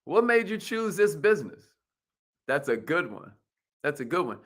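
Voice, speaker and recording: A man runs a live business-coaching stream in a bright, slightly high voice. He keeps hyping his viewers, calls out commenters by name and repeats his lines for emphasis. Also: sing-song, normal speed, pauses often. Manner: repeats phrases, leads affirmations. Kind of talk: energetic live-stream teaching.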